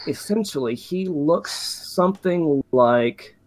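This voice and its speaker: A man's voice: fairly high pitch, expressive, takes it slowly, darkish tone. A man narrating as game master in a tabletop game, talking loosely with many fillers and restarts.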